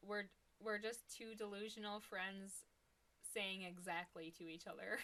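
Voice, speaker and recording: A woman's voice: mid-range voice, flat delivery, measured pace, sharp tone. Young woman, Upper Midwest accent, chatty, laughs easily, live shopping host. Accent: Upper Midwest American. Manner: chatty, giggly, talks to chat viewers. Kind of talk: casual live stream chat.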